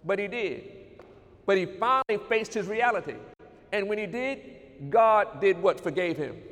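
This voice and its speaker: High-voiced preacher in a reverberant hall. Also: male voice, lively intonation, a little slow. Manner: emphatic, addresses the congregation directly, swings between loud and soft. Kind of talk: sermon.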